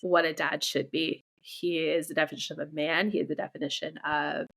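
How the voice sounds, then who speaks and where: A woman's voice: sits low, level tone, a little fast, gravelly, fairly bright tone. A young woman giving a candid interview about her own life. She talks bluntly, swears freely and often stops to restart her sentences. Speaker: interview guest. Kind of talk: candid personal storytelling interview.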